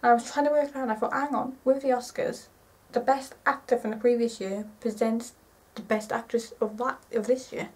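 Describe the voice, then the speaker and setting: A woman in her twenties chatting casually to camera in a rambling, excitable way, often correcting herself. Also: a little high, brisk, hardly any pauses, far from the mic, low-quality recording. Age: 20s. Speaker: vlogger.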